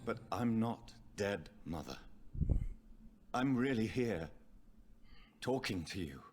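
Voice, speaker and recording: Sad vampire son in a game, lowish voice that moves around a lot, measured and hurting. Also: male voice, lively intonation, noisy background. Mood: somber. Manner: measured, quietly pained. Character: somber young vampire son, restrained and grieving. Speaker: game protagonist. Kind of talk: video game dialogue.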